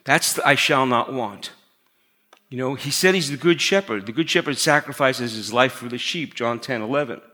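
A middle-aged pastor preaches in a loose, talky style, often falling to a quiet hush to drive a point home. His voice is bright and forward, with a middle pitch. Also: animated, moderate pace. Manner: conversational preaching, drops to a hush for emphasis. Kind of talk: sermon.

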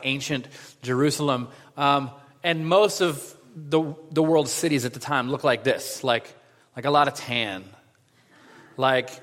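A man's voice: on the high side, a bit bright, long reverb tail. A man giving a casual, conversational sermon as a pastor, with lots of fillers. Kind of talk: casual sermon with opening prayer.

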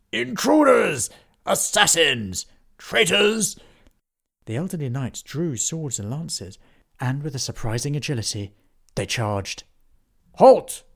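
A man narrating a children's storybook in an even, unhurried way. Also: mid-range voice, gravelly.

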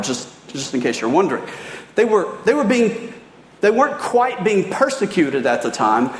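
A middle-aged man preaching a sermon in a church, talking in a conversational, animated way with casual asides. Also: sits high. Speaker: pastor. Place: church hall. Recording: roomy hall reverb.

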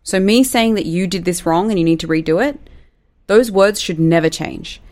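A woman's voice: lowish voice, moderate pace, a little mellow. A woman teaching managers how to handle tough conversations, acting out example lines in different tones. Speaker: management coach.

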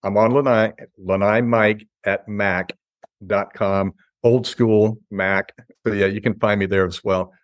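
A man's voice: lowish voice, fairly even intonation, unhurried, dry recording. A man, an artist and gallery owner, chatting casually and telling stories with easy chuckles over a video call. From Chicago. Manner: laid-back, chuckling storyteller. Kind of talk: casual interview chat. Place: his gallery.

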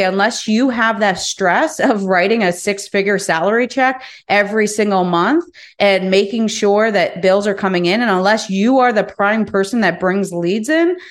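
Here a medium-pitched female podcast host discusses business in a blunt, unscripted monologue. Occasional profanity slips in, and she circles back over words as her ideas take shape.

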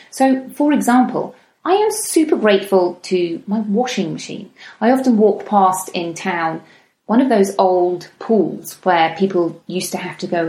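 A woman in her thirties talks through her thoughts as a podcast host, her voice gentle and conversational and sitting at a middling pitch. She slows right down on the words she wants to land. The sound carries a clear echo from the room. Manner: gentle, chatty, slows down for emphasis. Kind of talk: reflective solo talk. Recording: echoey room.

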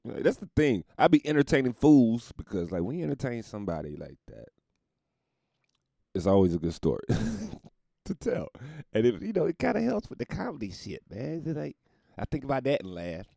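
A man's voice: medium pitch, wildly swooping pitch, normal speed, creaky, warm tone, no echo, studio quality. A man who is a comedian telling a profane story in a loose, laid-back way, laughing through it. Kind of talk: casual storytelling monologue.

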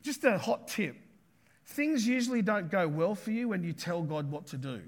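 A pastor preaching a sermon with emphatic delivery, repeating key words and acting out quotes. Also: male voice, high-pitched, animated, normal speed.

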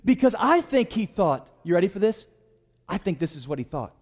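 A man's voice: sits high, very animated, brisk, a little mellow, long reverb tail. A man preaching a sermon in church, calling on the congregation to respond. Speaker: pastor.

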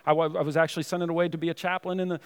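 A man's voice: on the high side, level tone, racing, clear, resonant tone, long reverb tail. A man preaching a sermon in a church, talking in a conversational way with many asides to the congregation. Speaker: pastor. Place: church sanctuary.

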